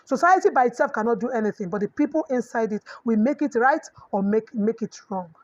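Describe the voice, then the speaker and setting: A middle-aged Nigerian woman with a high voice lectures parents in a preachy, earnest way, dropping Yoruba proverbs into her talk. The audio is dull and lo-fi. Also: animated, a little fast, a little mellow. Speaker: parenting coach.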